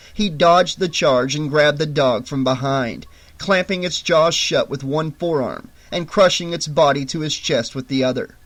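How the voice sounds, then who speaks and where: A man narrates a horror novel audiobook, his voice sitting a little above the usual male pitch. He reads in a steady, measured way.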